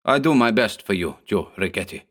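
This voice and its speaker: A man's voice: on the low side, expressive, brisk, a bit bright. A man doing a hulking thug in broken English. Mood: pleading. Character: hulking hog-necked male thug, fearful.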